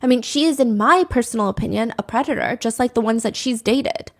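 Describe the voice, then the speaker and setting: Casual true crime storyteller, woman, opinionated, slightly high voice. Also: fairly quick. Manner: chatty, opinionated, acts out quotes.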